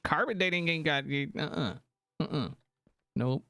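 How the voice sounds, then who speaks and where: A man's voice: on the high side, normal speed, creaky, dry recording, clean studio sound. A man chatting casually on a live stream, joking around and reacting to viewers' comments. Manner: animated, joking, reacting to chat.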